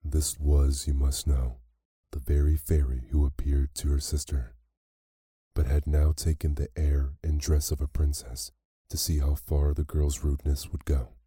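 A man narrating a classic fairy tale as a slow, soothing bedtime story. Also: extremely low pitch, level tone, husky, no echo, clean studio sound. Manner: slow, soft, soothing reading.

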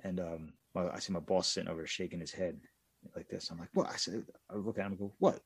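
A man co-hosting a casual podcast, telling profane, animated stories from his youth. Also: sits low, fast, breathy edge. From Pittsburgh area. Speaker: podcast co-host. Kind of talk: casual storytelling chat.

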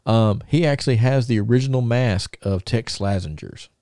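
A man talks casually on a podcast, retelling old stories in a loose, rambling way full of restarts. His voice is mellow and warm. The recording is close and dry. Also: medium pitch, normal speed, no echo. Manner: rambling storyteller, many restarts and chuckles. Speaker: podcast co-host. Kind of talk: casual chat.

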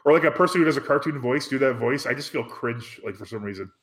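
A man's voice: medium pitch, quick pace. Laid-back young man, casual podcast chat. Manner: relaxed, filler-heavy, wry. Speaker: podcast co-host.

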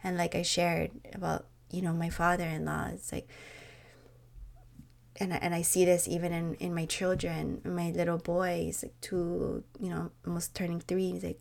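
A woman talks unscripted on her podcast, pleading and passionate. Her voice sits a little low with a gravelly fry. She presses hard on her points. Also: flat delivery, normal speed, darkish tone. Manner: passionate, pleading, rising to emphatic. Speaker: podcast host. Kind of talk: unscripted personal talk.

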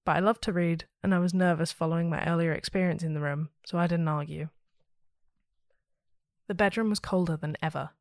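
A woman hosting a story podcast, reading a listener's ghost story aloud with steady, expressive storytelling. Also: on the low side, a little fast, no room sound, studio quality.

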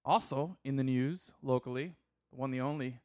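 A man's voice: medium pitch, normal speed, a little mellow. A man hosting a casual podcast, joking with his co-hosts and laughing often. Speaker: podcast host.

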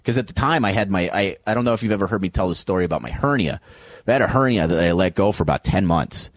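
Man, low voice, lively pitch swings, dry sound, comedian storytelling. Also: fast, dry recording. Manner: animated, acts out voices in stories. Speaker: comedian guest. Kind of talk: storytelling interview.

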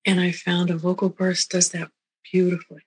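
A middle-aged woman, a therapist, giving a recorded lecture in a gentle, unhurried way, often checking in with the listener. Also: lowish voice, completely flat delivery, slightly rough, low-quality recording. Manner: gentle, unhurried, repeats words and checks in with "right?". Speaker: therapist teaching a psychology talk.

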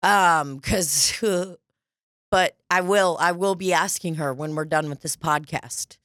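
A woman with a lowish voice tells stories in loose, animated chat, swearing freely and slipping into quoted voices. She sounds close and dry on the mic, with no room around her. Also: slow pace, no room sound. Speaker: podcast co-host. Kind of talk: casual chat.

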